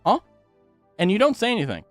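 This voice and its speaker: A male streamer talks in a lively, animated way, his pitch swinging widely as he swears and laughs his way through stories. The sound is close and dry, with faint music playing under him. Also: moderate pace, dry recording. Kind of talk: casual chat with viewers.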